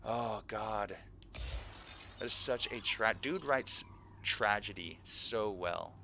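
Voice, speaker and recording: A man in his thirties chatting casually on a live stream, animated and laughing often with nerdy enthusiasm. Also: on the low side, takes it slowly, gravelly, a little hiss or hum.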